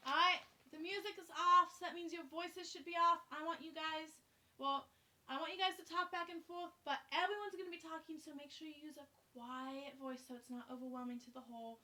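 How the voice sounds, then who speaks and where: A young woman teaches a class, talking students through a task in a friendly, chatty way. She explains each step plainly. Her voice is high. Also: fairly even intonation, fairly quick, sharp tone. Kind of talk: classroom instruction.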